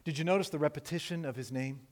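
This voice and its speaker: A man preaching a sermon as pastor, animated and self-deprecating, moving from loud emphasis to quiet asides. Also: on the high side, quick pace.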